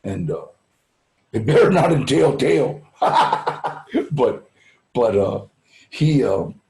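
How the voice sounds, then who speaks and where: A man's voice: mid-range voice, big pitch swings, very slow, gravelly, darkish tone, reverberant. An older man, a guest speaker, telling laid-back anecdotes in a casual way, dropping "man" and "you know" and acting out the people in his stories. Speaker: guest speaker at a recovery fundraiser.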